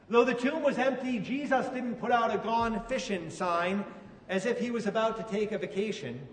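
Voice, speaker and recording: High-voiced preacher in an echoey hall. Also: male voice, a little hiss or hum. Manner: conversational preaching with rhetorical questions. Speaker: pastor. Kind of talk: sermon. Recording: echoey hall from far off, faint ambience.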